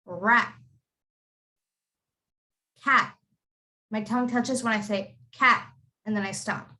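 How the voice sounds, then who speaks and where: A young woman works as an accent tutor, giving children an online pronunciation lesson over a video call. Her voice is medium-pitched, bright and forceful, with fairly even intonation and a normal speed. She patiently explains and repeats model words.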